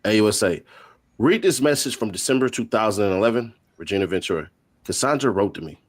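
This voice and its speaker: A man hosting a stream, reading courtroom testimony aloud with quick joking asides. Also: fairly low pitch, animated. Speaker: host. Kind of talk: reading court transcript updates.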